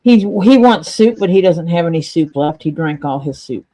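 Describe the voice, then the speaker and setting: A woman's voice: fairly low pitch, lively intonation, normal speed, mellow. A woman co-hosting a casual live stream, bantering playfully and teasing.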